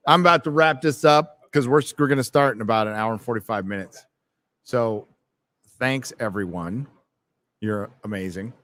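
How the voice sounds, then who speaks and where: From a fandom bar, a man hosts a casual livestream, reading donations and chat aloud and laughing often. His voice is medium-pitched with a fairly bright tone and a moderate pace, and his talk is loose and profane.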